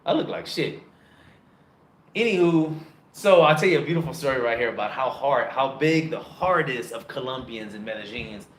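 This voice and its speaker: Loud, profane American man on a phone. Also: moderate pace, a little hiss or hum. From United States. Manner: loud, profane and animated, with big pitch jumps. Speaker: travel vlogger. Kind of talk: casual storytelling to camera. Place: dim room. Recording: echoey room on a phone.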